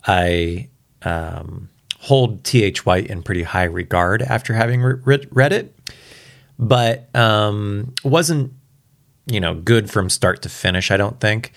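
Gravelly low-voiced man chatting about books. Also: takes it slowly. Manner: rambling, amused asides. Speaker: book vlogger. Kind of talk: casual book talk.

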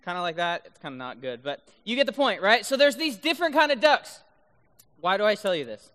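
Youth speaker, male, high and bright voice, playful, keeps asking "right?", long hall reverb. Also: sing-song, brisk. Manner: playful, keeps checking in with the audience. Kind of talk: youth talk with duck call demos. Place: large room full of high schoolers.

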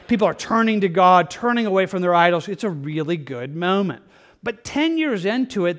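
A man's voice: high-pitched, fairly bright tone. A man pastor preaching a verse-by-verse sermon in an earnest, conversational way. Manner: conversational, earnest, with restarts and "like" asides.

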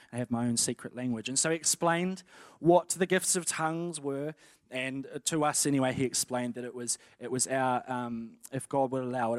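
A man's voice: mid-range voice, no echo, clean studio sound. A man sharing a personal faith testimony in a casual storytelling way, acting out quotes and laughing along. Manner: animated, acts out quotes with laughter.

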